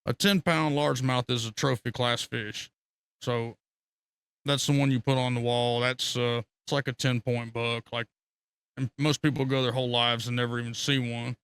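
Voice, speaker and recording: A man telling fishing stories as a podcast guest, excitable and profane, laughing often. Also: medium pitch, normal speed, clear, resonant tone. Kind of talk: casual storytelling.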